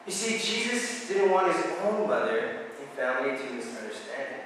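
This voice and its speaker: A man's voice: mid-range voice, sing-song, moderate pace, a bit bright, far from the mic, slight background noise. Man preaching in an echoey hall. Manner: conversational, relatable asides. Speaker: pastor. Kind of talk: sermon.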